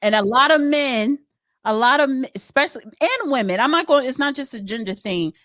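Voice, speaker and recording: A woman co-hosting a live talk show, expressive and casual, calling listeners honey. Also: sits high, fairly quick, no echo, studio quality. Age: 40s or older. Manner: expressive, calls people honey. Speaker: co-host.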